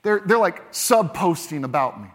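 A man preaching a sermon as pastor, emphatic, with lines that punch loud and then drop quiet. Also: high-pitched, lively intonation, moderate pace. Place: church. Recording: long reverb of a large church hall.

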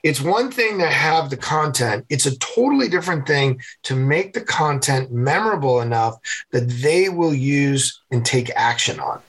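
A man's voice: mid-range voice, normal speed, husky, poor audio. A man, a former Navy SEAL and keynote speaker, telling vivid stories with energy in a podcast interview and acting out the voices. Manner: energetic storytelling, acts out voices.

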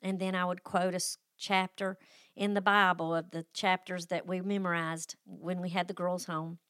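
A woman's voice: on the low side, little pitch movement, normal speed, a bit bright, clear, resonant tone, no room sound, clean studio sound. A middle-aged woman who hosts a faith podcast and tells a personal story in a folksy, emotional way, with sighs and restarts. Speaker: podcast host.

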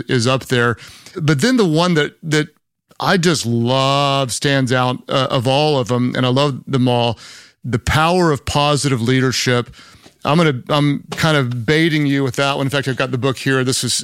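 A man with a Southern US accent hosting an interview, friendly and affirming with quick asides. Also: mid-range voice, clear, resonant tone, no room sound, studio quality. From Oklahoma. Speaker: podcast host. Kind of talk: conversational interview.

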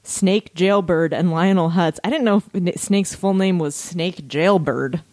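A woman's voice: fairly low pitch, a little slow, a little mellow, no echo. A woman co-hosting a podcast, reading facts aloud in casual chat with frequent asides and laughter. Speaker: podcast co-host.

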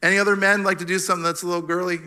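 Male church host, bright and slightly high voice, playful crowd banter. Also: level tone, rapid-fire, clean tone. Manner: playful, teasing the audience. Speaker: church speaker. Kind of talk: Father's Day church talk with crowd banter. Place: church hall.

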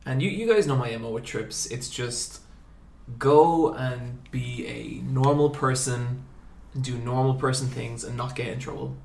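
A young man hosts a podcast and spins an animated comic story, swearing freely as he goes. His voice sits at an ordinary middle pitch. The room is noticeably echoey. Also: measured pace, creaky, slight background noise. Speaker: podcast host. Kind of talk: casual storytelling chat.

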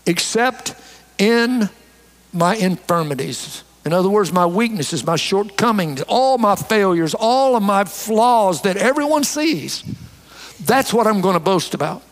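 A man's voice: high-pitched, lively intonation, moderate pace, long reverb tail. A man preaching a sermon as pastor to his church, reading scripture and urging honesty.

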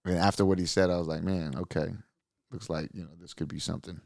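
A man's voice: sits low, steady tone, fast, creaky, a little mellow, dry recording, clean studio sound. A man, a comedian, telling profane stories in a laid-back, mumbly way in casual chat.

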